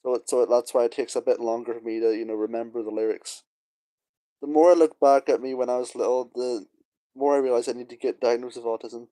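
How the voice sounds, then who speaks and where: A man's voice: mid-range voice, steady tone, fast, dark tone, no echo. A young man talking casually to camera, rambling and wistful, with many fillers and sighs. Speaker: vlogger. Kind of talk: casual nostalgic monologue.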